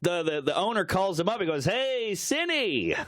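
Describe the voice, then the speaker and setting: A man's voice: high-pitched, fast, dry recording, studio quality. A man casually telling a funny story on a podcast, joking and laid-back with lots of fillers.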